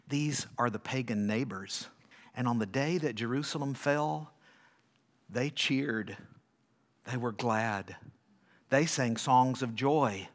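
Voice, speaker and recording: A male pastor preaching a sermon, reading scripture dramatically and swinging between loud declarations and hushed asides while questioning his congregation. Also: mid-range voice, a little slow.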